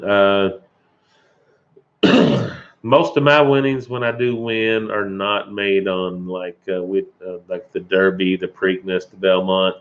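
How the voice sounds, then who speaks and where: Laid-back low-voiced man chatting. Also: fairly even intonation, takes it slowly. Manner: laid-back, chuckling, greets viewers by name. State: occasional cough. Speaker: livestream host. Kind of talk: casual livestream chat. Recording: dull lo-fi stream audio.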